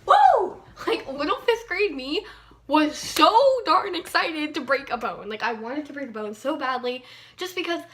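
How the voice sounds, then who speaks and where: A woman's voice: sits high, animated, normal speed, sharp tone, a little hiss or hum. A young woman vlogger casually telling a personal story, chatty, with lots of fillers and playful emphasis.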